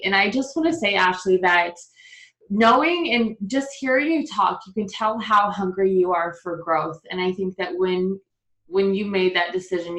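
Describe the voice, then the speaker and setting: A woman hosting a team video call, warm and encouraging, praising her guest effusively. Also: fairly low pitch, echoey room, low-quality recording. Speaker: host.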